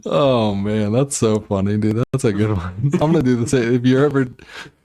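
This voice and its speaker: A man's voice: mid-range voice, moderate pace, dark tone. A man co-hosting a podcast, joking and rambling in a laid-back, casual chat. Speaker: podcast co-host.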